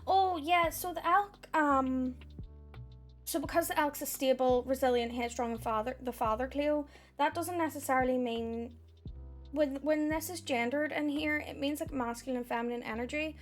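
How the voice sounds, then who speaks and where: A woman's voice: high-pitched, moderate pace, faint music behind. A woman, chatting casually on a live stream while reading oracle cards, giggly and swearing, with a sore throat.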